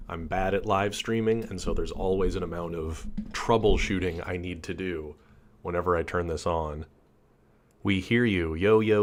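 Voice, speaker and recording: A man hosting a casual live stream, chatting and greeting viewers by name, his voice a little rough. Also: sits low. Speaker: channel host.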